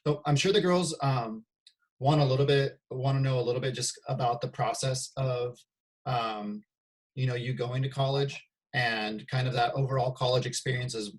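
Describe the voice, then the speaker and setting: A man's voice: medium pitch, fairly even intonation. Reflective male volleyball coach interviewing. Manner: measured, reflective, some "um" and "you know". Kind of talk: casual interview talk.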